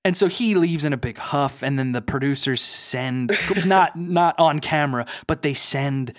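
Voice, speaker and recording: A man casually retelling a reality show, with animated storytelling and mocking impressions of the people he quotes. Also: a little high, measured pace, dry recording, studio quality. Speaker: podcast co-host.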